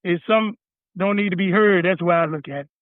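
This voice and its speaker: A man's voice: high-pitched, fast talker, no echo. A laid-back man, a guest chef talking casually over the phone while driving in his car, often saying "man". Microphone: phone call. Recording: dry tinny phone line.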